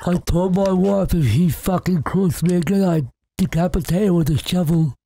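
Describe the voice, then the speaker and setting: Man doing a dark-voiced crude rambler. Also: high-pitched, normal speed, poor audio. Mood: deadpan crude.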